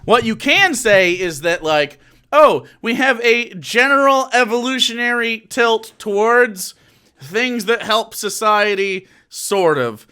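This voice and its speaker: Animated, bright-voiced ranting man. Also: high voice, slow pace, clear, resonant tone. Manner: profane, exasperated, laughing mid-rant. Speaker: streamer. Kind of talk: ranting reaction stream.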